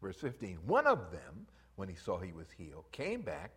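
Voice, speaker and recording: A man preaching a sermon, acting out voices and building to loud, repeated calls to rise. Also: on the low side, measured pace, husky. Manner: animated preaching, acts out voices, rises to loud exhortation. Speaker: pastor.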